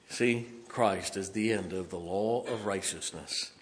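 A man's voice: deep voice, a little slow, big-room sound. A male pastor preaching a sermon, telling a story and then urging the congregation. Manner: storytelling preacher, rises to emphatic exhortation. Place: church sanctuary.

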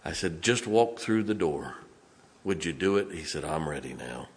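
A middle-aged man preaching a storytelling sermon in a church, folksy, swinging from loud to hushed. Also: a bass voice, expressive, moderate pace. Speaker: pastor. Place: church sanctuary.

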